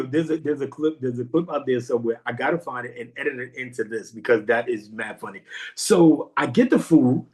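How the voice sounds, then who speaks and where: A young man, hosting a podcast and telling a comic story in a slangy, animated way. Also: a little high. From New York. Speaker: podcast host. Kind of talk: casual storytelling.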